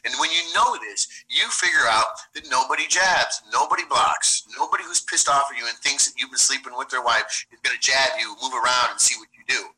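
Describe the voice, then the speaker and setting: A man's voice: medium pitch, brisk, few pauses, bright, forceful tone, poor audio. A man talking as a self-defense instructor in a casual interview, blunt, streetwise and profane.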